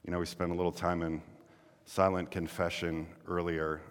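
A man's voice: low-pitched, level tone, normal speed, smooth, in a large hall. A male pastor preaching a sermon earnestly, building to emphatic exhortations.

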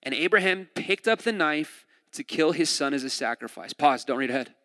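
A fairly high-voiced man preaches in a lively, chatty way, mixing scripture reading with jokes and asides. The mic picks him up dry and close, while a long hall reverb hangs behind him. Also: normal speed. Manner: lively, conversational, joking storytelling. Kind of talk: sermon.

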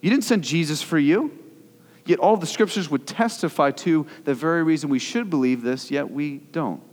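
A man's voice: fairly high pitch, normal speed. A young man preaching a sermon as pastor, in a conversational way with repeated words, building to earnest intensity. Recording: long hall reverb.

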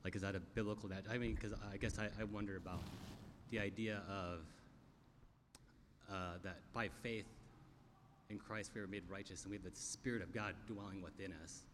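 A man's voice: lowish voice, steady tone, brisk, a bit bright, big-room sound, slight background noise. A man in a Bible class asking a question, hesitant and searching for his words. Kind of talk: question from the audience.

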